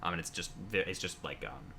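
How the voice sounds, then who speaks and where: Guest builder, male, very low but bright voice, rambling casual talk with lots of fillers, faint background noise. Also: expressive, brisk, vocal fry. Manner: rambling, many fillers and restarts. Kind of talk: casual conversation.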